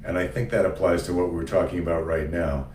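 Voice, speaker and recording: A man's voice: sits low, fairly even intonation, a little fast, a little mellow, slight background noise. A man chatting casually to viewers in a rambling, jokey way, often breaking off mid-sentence. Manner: rambling, jokey, self-interrupting. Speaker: comedian doing a daily live stream. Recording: roomy sound, mic at a distance.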